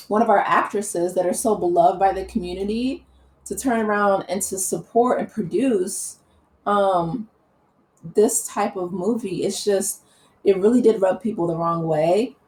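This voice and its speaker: A woman's voice: medium pitch, darkish tone, a little hiss or hum, rough recording. A woman vlogger giving impassioned, earnest opinion commentary, with many fillers and restarts.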